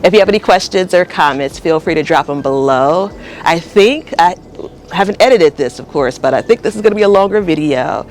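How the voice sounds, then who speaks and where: A man's voice: a little high, animated, fairly quick, slight background noise. A man hosting a casual walkthrough of his vegetable garden, talking in a long-winded, rambling way while he tours it. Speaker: garden vlogger host. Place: outdoor home vegetable garden. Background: faint outdoor ambience, passing plane.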